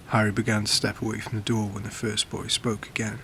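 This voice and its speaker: A man narrating a scripted horror story for a podcast in a measured way, sometimes dropping almost to a whisper. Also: fairly low pitch, completely flat delivery, sharp tone, a little hiss or hum. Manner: measured, dropping to near-whispers on tense lines.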